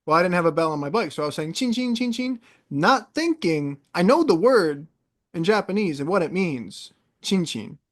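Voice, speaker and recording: A young man in casual podcast chat, an animated storyteller who wanders into tangents. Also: on the high side, normal speed. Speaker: podcast co-host.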